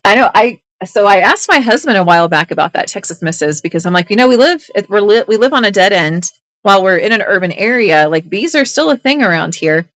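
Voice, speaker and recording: A woman's voice: mid-range voice, animated, a little fast, a bit bright, no echo, rough recording. A woman running a live online auction, describing items in chatty, upbeat sales patter with playful teasing asides. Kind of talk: casual live-sale patter.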